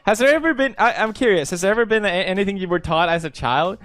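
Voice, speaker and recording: Young man, from Sweden, playful, sarcastic, laughs a lot, slightly high pitch, dry close sound. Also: quick pace, a bit bright, no echo. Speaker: YouTuber reading posts. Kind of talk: casual commentary reading posts.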